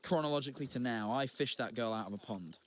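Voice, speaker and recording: A man's voice: medium pitch, fast, a little hiss or hum. A man co-hosting a podcast, telling a story in casual chat, swearing freely with rambling asides and restarts. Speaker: podcast co-host.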